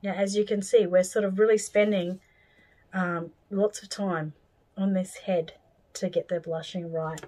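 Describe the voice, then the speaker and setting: An Australian woman giving a craft tutorial, rambling cheerfully and thinking out loud with plenty of fillers. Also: medium pitch, fairly even intonation, unhurried, rough recording. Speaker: doll-making tutor.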